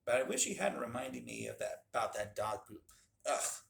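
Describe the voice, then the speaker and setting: Man voicing a little girl, excitable, storybook, higher voice, gravelly, echoey room. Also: moderate pace, exaggerated voice. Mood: surprised.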